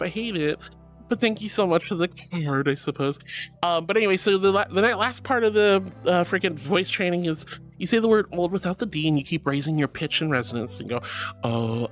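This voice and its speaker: A woman streamer chatting casually with viewers, playful and dramatic, calling them honey and sweetie. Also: on the low side. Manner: playful and dramatic, often laughing. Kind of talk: casual livestream chat.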